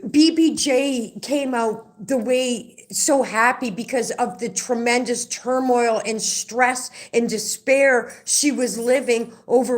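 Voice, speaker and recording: A middle-aged woman ranting on a livestream, swearing freely as she tells a long story and acts out the other people's lines. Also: fairly high pitch. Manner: profane, animated storytelling with acted-out quotes. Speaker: livestream vlogger.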